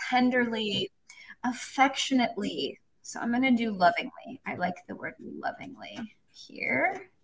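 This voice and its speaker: Over poor audio, a woman with a fairly high voice teaches a language lesson on a live stream. She's chatty, explains things step by step, and reads out viewers' chat comments.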